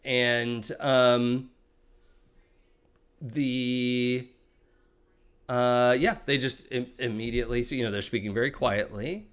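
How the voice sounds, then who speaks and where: A man's voice: mid-range voice, steady tone, takes it slowly, pauses often, a bit bright, clean tone. A young adult man narrating a tabletop role-playing game as game master, with many fillers and restarts.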